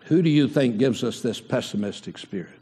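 Older guy preaching, keeps asking the congregation questions, middle pitch, long echo off a big church room. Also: animated, a little fast, mellow, breathy edge. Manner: asks the congregation rhetorical questions. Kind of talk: sermon. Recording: long hall reverb.

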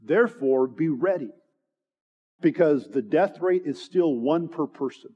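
A man's voice: on the high side, animated, measured pace, breathy edge. A man preaching an earnest sermon, pressing each point with emphatic repetition. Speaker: pastor. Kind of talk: expository sermon. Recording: long hall reverb, dull lo-fi sound.

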